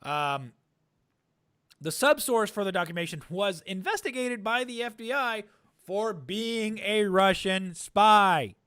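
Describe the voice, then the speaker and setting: Emphatic high-voiced man. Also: lively intonation, unhurried, sharp tone, smooth. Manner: emphatic, repeats words when starting a point. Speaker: podcast co-host. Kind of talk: political commentary chat.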